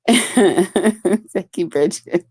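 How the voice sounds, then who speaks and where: Animated woman in a dry close recording. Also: mid-range voice, drawn-out words, breathy edge, no echo. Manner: animated storytelling, acts out quotes loudly, laughs often. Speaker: vlogger. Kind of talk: casual chat to viewers.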